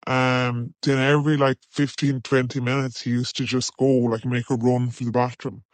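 A man's voice: mid-range voice, level tone, moderate pace, no room sound. Man telling a voice-note story. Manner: matter-of-fact storytelling with slang. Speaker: listener sending a voice note. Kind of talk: recorded voice note anecdote.

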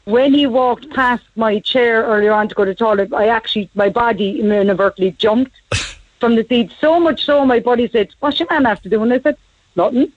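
A woman, telling a family story as a radio guest in a brisk, animated way. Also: fairly high pitch, no echo. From Ireland. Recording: dry, slightly muffled radio audio.

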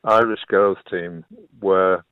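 Deep-voiced English man on a tinny phone line. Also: steady tone, takes it slowly, no echo. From England. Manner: chatty, anecdotal. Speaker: radio caller. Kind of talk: casual phone-in chat. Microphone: telephone.

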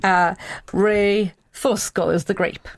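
A woman's voice: medium pitch, steady tone, takes it slowly. A woman guest on a radio show, chatting enthusiastically about wine. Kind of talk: casual radio chat.

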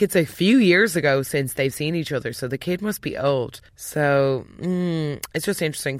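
A speaker hosting a casual TV episode recap, chatty and opinionated, acting out the characters' lines in quick asides. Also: mid-range voice, dry recording, clean studio sound. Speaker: soap opera recap host.

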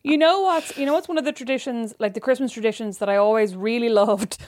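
A woman's voice: a little high, quick pace, a little mellow, dry recording. A woman from Ireland co-hosting a podcast, chatting casually with teasing, dry interjections. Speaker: podcast co-host. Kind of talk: casual chat.

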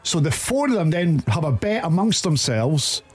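A Scottish man co-hosts a football podcast, spinning long, rambling stories in casual chat. His voice is on the high side, sing-song and darkish with a breathy edge, and faint music plays behind him.

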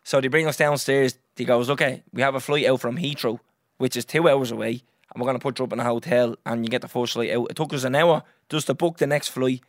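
A young Irish man hosting a podcast, telling a story in a lively, swearing, casual way and acting out what others said. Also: mid-range voice, fast talker, no room sound, clean studio sound. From Ireland. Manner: animated, swears freely, acts out others' lines. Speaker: podcast host.

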